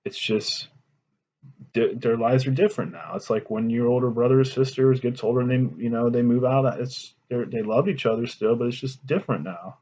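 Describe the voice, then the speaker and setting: A man's voice: medium pitch, fairly even intonation, normal speed, a little mellow, highs cut off. A man teaching a class. He reads a story aloud and breaks off to talk it through in a casual way, often asking his listeners if they follow. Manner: conversational, checks in with listeners. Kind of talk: reading a story aloud with commentary.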